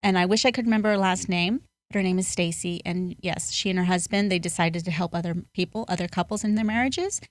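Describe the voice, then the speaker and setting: A woman life coach speaks as a podcast guest in an earnest, storytelling way. Her voice sits a bit low for a woman. The recording is dry and close. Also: quick pace, hardly any pauses, no room sound. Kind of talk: conversational interview.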